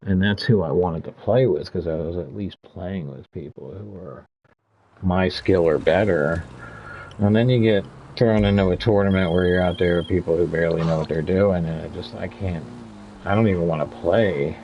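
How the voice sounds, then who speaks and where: A man in his fifties with a very low, gravelly voice, rambling on in a loose, chatty way while he plays. He laughs often and drifts between stories. The sound is dull and lo-fi, with a faint hiss underneath. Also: normal speed. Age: 50s. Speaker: gaming streamer. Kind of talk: casual chat over gameplay.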